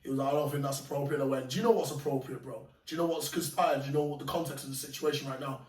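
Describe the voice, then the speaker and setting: A man casually telling animated, slangy stories of fights and bouncer work, laughing often. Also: medium pitch, racing. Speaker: podcast guest. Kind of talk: casual storytelling. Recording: echoey room, mic far off, faint noise.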